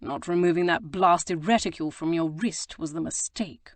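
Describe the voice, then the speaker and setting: A woman's voice: fairly low pitch, moderate pace, dry recording. A woman voicing a roguish young Regency lord who teases in a drawling, mock-innocent way. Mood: aggrieved.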